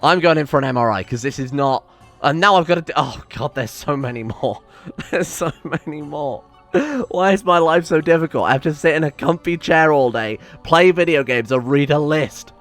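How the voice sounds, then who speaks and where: A man's voice: on the high side, normal speed, fairly bright tone, faint music behind. A man hosting a strategy game video, ranting and swearing at the game, then reading supporter names. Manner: swears a lot, exasperated ranting. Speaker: gaming channel host. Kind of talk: casual gameplay commentary.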